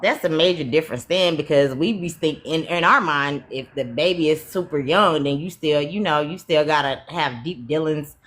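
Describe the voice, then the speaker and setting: A woman's voice: sits low, moderate pace, few pauses, a bit bright, slight background noise. A woman panelist on a casual chat, blunt and joking.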